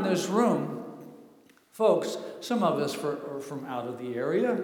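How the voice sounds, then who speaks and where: A man preaching a sermon in a church, earnest and emphatic, stressing slow phrases. He is from the Midwest. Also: sits high, animated. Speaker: pastor. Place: church sanctuary. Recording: echoey hall reverb.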